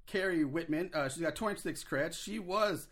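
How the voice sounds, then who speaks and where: Male podcast host, slightly high-pitched, chatty and upbeat, rambles through plugs and credits. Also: normal speed, a bit bright. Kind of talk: casual podcast chat.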